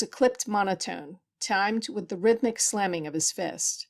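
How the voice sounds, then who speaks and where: Woman, audiobook narrator, science fiction story, steady even reading, mid-range pitch. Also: measured pace, creaky. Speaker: audiobook reader.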